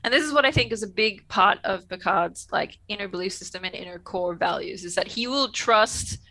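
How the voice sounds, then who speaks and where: Bright-voiced woman chatting casually. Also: mid-range voice, brisk, poor audio. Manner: rambling, swears freely, laughs often. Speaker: podcast co-host. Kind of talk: casual chat about a TV episode.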